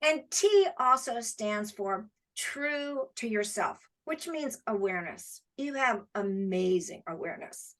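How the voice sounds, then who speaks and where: A woman's voice: a little high, very animated, measured pace, few pauses, a bit bright. A woman presenting an award over a video call, giving effusive praise with emphatic repetition.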